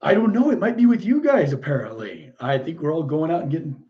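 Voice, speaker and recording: Quick and animated, a slightly high-voiced male streamer reacts to comments from his audience in a relaxed live chat. He's chatty and delighted by little things, with lots of laughs and exclamations on muffled, lo-fi audio.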